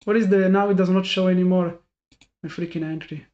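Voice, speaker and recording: A man live-streams his day trading and talks to his chat, frustrated and self-critical, thinking aloud with many restarts. His voice is high, steady, fairly quick and a little mellow, and the lo-fi recording sounds dull.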